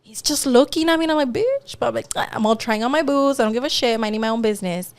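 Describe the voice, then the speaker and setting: High-voiced woman, animated storyteller. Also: fast talker, smooth. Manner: animated storyteller, swears, switches into Spanish. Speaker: podcast co-host. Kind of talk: casual chat.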